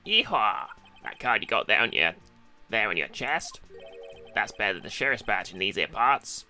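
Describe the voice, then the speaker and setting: A man voicing a gruff cowboy security guard in a put-on Western drawl, folksy and swaggering. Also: lowish voice, very animated, normal speed, pushed and bright, faint music behind, voice pushed down, exaggerated voice.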